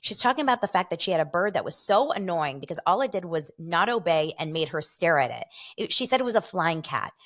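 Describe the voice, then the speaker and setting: A woman's voice: lowish voice, very animated, fast talker, few pauses. A woman hosting a casual show, rambling through gossipy commentary and laughing often. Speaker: host.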